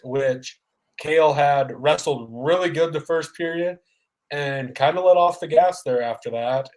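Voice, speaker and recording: A man co-hosting a casual sports podcast, going over results in a halting way with many ums. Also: on the high side, a little mellow, low-quality recording. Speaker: podcast co-host.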